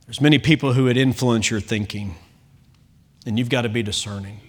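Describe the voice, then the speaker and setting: A man preaching a sermon as pastor, emphatic, with big swings in loudness and chatty asides and self-corrections. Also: mid-range voice, fairly quick.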